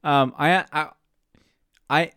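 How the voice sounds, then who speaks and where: A man's voice: fairly high pitch, steady tone, slow, bright, forceful tone, clean tone, dry recording, clean studio sound. A young man from the Pacific Northwest, co-hosting a podcast, telling a story in a casual way, laughing often and swearing freely. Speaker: podcast co-host.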